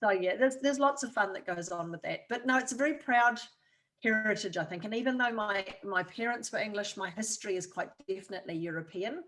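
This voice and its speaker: A woman's voice: mid-range voice, brisk, fairly bright tone. Chatty New Zealand woman telling stories. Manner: chatty storyteller, laughs often. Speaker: guest. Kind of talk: casual interview chat.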